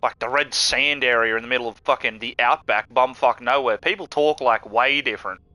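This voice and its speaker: A man's voice: medium pitch, fairly quick, bright, forceful tone, no echo, rough recording. An Australian man streaming a game, chatting casually, laid-back and swearing a lot. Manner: laid-back, profane, laughs often. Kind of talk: casual chat.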